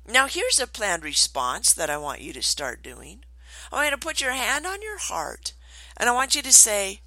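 A woman giving a motivational self-help talk, expressive and emphatic, often dropping to a whisper. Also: a little high, moderate pace, no echo, poor audio. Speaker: motivational speaker.

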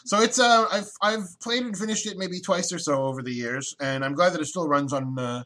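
Male podcast co-host with a crisp, bright tone who rambles, restarts often and airs strong opinions. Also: fairly high pitch, fairly quick. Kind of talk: casual chat.

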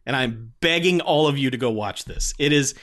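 A man's voice: mid-range voice, moderate pace, fairly bright tone. A man in a casual film review chat who talks animatedly, swears freely and acts out his own reactions.

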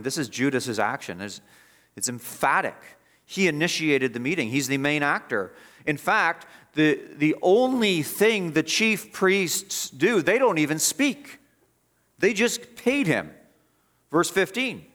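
A man's voice: on the high side, animated, slow pace, a bit bright. A man preaching an expository sermon as pastor, emphatic and repeating phrases for stress.

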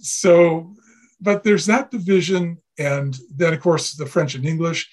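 Husky-voiced man from Canada, rambling. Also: fairly high pitch, fairly even intonation, a little slow. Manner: rambling, many fillers, anecdotal. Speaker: guest. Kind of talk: casual podcast chat.

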